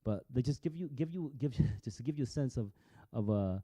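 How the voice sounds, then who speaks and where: A man rambles through casual commentary on video clips. He swears freely and stumbles over repeated words. His voice is deep-toned and very mellow, and the recording is close and dry. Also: lively intonation, brisk, dry recording. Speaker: vlogger.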